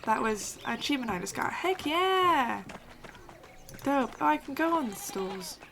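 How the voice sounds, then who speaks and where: A woman giving casual, chatty commentary while playing a video game, reacting aloud with quick exclamations. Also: on the high side, animated, gravelly, background noise. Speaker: gaming video creator.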